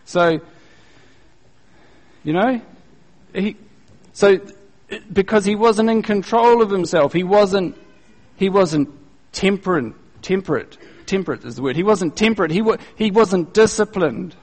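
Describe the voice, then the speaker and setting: Animated male pastor in an echoey hall. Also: high-pitched, a little slow, long pauses. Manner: conversational, animated, acts out people he quotes; casual slang. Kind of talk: sermon. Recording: long reverb, echoey hall.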